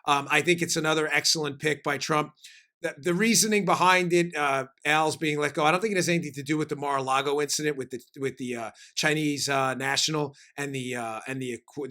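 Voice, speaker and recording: A man hosting a political commentary podcast, talking in an animated, emphatic way with frequent fillers. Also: a little high. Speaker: podcast host.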